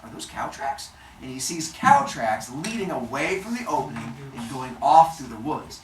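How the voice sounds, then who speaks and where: A woman telling a myth to children in a lively, playful way, adding sound effects. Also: extremely low pitch, normal speed. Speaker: storyteller. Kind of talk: animated storytelling for children. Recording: roomy, distant mic, faint noise.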